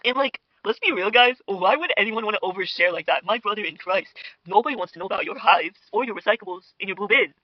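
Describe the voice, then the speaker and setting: Young man, high-pitched, fast-talking, gossipy parody commentary host, filler-heavy rambling, dry lo-fi podcast mic at home. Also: lively intonation, dry recording. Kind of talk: parody internet drama commentary. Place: home dinner table.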